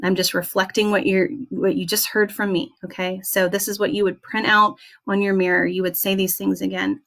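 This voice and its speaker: A young woman speaks earnestly as she leads a small class. Her pitch sits in an ordinary middle range, and her delivery is gentle and heartfelt. She often pauses with soft "um"s. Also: little pitch movement. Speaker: essential oils class leader. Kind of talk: heartfelt motivational class talk.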